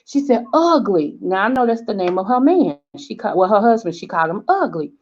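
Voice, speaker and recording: Southern woman, forties, vlog host, animated storyteller, dull lo-fi sound. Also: medium pitch, fairly quick. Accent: Southern American. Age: 40s. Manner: animated storyteller, acts out quoted voices, checks in with "okay?". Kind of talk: casual storytelling chat.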